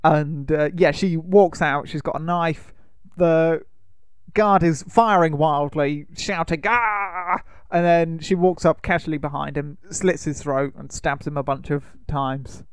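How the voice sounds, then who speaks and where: A man on a podcast, talking through a film plot in a loose, rambling way. His voice sits fairly high for a man. The sound is close and dry, with no room around it. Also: steady tone, measured pace, clean tone, dry recording. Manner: rambling retelling with fillers and laughs. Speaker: podcast co-host. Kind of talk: casual film recap chat.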